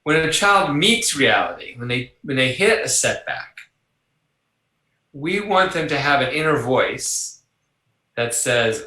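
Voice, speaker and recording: An older man speaks with a bright, forceful tone, lively and conversational as he explains his ideas. He acts out little voices in his examples, and the room rings around him with noticeable echo. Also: medium pitch, slow pace. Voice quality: animated, acts out voices in anecdotes. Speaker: psychologist guest. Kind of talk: conversational interview.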